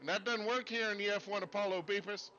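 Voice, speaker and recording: A man's voice: sits high, fast, bright, forceful tone, highs cut off, slight background noise. A man doing live sim racing commentary in a put-on Southern US accent, rambling and folksy with jokey asides, speaking from a desk streaming setup. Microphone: streaming setup at a desk with screens.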